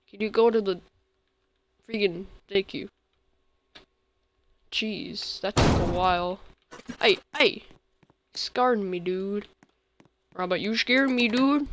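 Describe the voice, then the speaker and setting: A teenage boy giving casual, excitable commentary while playing a game, yelping often, his voice cracking when he yells. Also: high-pitched. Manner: excitable, yelps and frequent voice cracks. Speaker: gamer.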